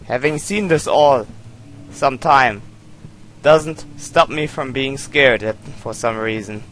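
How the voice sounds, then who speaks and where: A let's play host, a man, talks slowly and nervously through a horror game, jumping at sounds and poking fun at his own fright. A faint hiss sits under his desk-mic voice. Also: medium pitch, a bit bright. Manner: nervous, easily startled, self-mocking. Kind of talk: jittery gameplay commentary.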